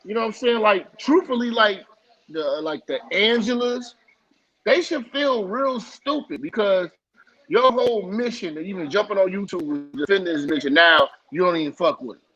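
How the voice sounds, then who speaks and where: A man's voice: high-pitched, animated, moderate pace, bright, forceful tone, dull audio. A man in casual live-stream chat, talking heatedly and profanely with many fillers.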